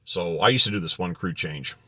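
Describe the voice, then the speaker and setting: A middle-aged former pilot tells rambling, wry, digressive anecdotes about his flying work in a casual monologue. His low voice is brisk and sharp in tone, with no room sound.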